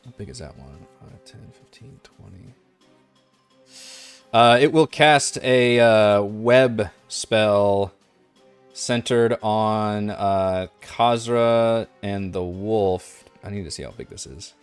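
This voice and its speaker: A man's voice: fairly low pitch, takes it slowly, clear, resonant tone, soft background music. A man running an online tabletop game as game master, talking casually and thinking aloud with many fillers.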